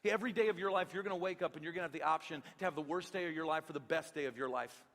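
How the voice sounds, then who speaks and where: A man preaching a sermon as a pastor, conversational and animated, acting out the dialogue and dropping from loud to hushed. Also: a little high, rapid-fire. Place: church sanctuary. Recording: long reverb of a large church hall.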